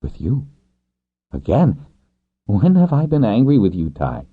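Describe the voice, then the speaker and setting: A man voicing a passionate young wing leader who speaks earnestly and gently, with intense warmth toward his partner. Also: lowish voice, wildly swooping pitch, a little slow, slightly rough, dry recording, pitched above the performer's own voice, heavily acted. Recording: tinny phone-like, dry.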